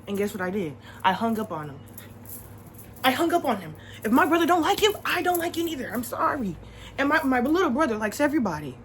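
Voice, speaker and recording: A young woman vlogging, chatting casually to the camera with advice, animated and repeating her points for emphasis. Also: fairly high pitch, a little fast, a little hiss or hum, low-quality recording.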